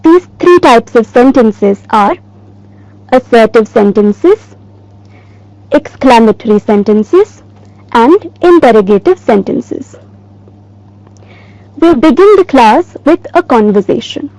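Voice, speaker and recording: A woman teacher giving a recorded lesson in a slow, clear, emphatic way. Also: fairly high pitch, lively intonation, a little mellow, dry recording, poor audio.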